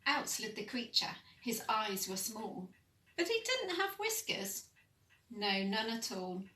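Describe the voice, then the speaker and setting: A woman reading a children's picture book aloud in a gentle, soothing way. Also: a little high, sing-song, slow pace. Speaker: pastoral worker. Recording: echoey room, mic at a distance.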